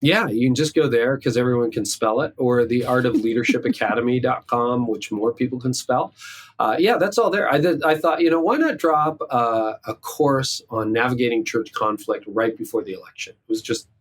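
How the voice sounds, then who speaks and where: A man's voice: mid-range voice, moderate pace. A man from Canada, a guest on a podcast, joking playfully and putting on voices in his anecdotes. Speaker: guest, leadership author. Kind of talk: casual interview chat.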